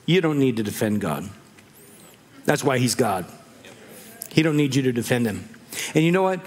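A middle-aged male pastor preaching a sermon in a church, animated, acting out quoted voices and laughing often. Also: a little high, in a large hall.

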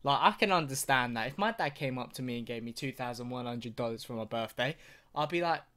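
A man's voice: medium pitch, fairly quick, sharp tone. A young man hosting a reaction video, ranting with plenty of swearing and exaggeration. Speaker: YouTuber.

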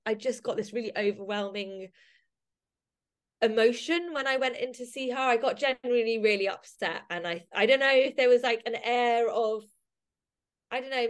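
A woman guest on a casual podcast interview, talking emotionally with many fillers and restarts. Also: a little high. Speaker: podcast guest, society member.

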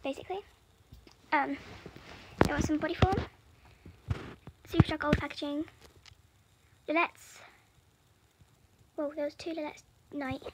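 A soft-spoken teenage girl with a British accent, rambling and giggling through a casual vlog from her bedroom floor. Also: sits high. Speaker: vlogger. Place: bedroom floor strewn with stationery. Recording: clear crinkling and rustling noise.

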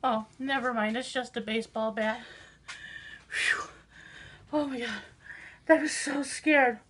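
A woman acting frightened in a spoof horror home video, gasping, whispering and shouting in the dark. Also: fairly high pitch, a little slow, slight background noise. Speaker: vlogger.

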